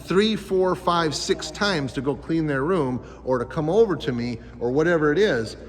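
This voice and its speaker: A man's voice: fairly high pitch, animated, normal speed. A man teaching a life skills class to youths, talking with energy and quizzing the kids with questions. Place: school gym. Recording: echoey gym hall.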